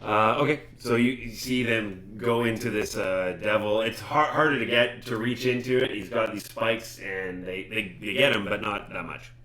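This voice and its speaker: A man narrating a tabletop game as game master, halting and correcting himself as he describes the fight. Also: fairly low pitch, bright, forceful tone. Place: home streaming setup.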